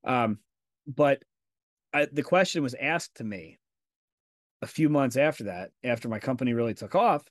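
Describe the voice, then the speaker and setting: A man's voice: mid-range voice, expressive, normal speed, long pauses, no room sound, clean studio sound. A man hosting a podcast in casual conversation, telling stories candidly with frequent swearing and acted-out quotes. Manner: candid and profane, acts out quoted dialogue in storytelling. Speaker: podcast host.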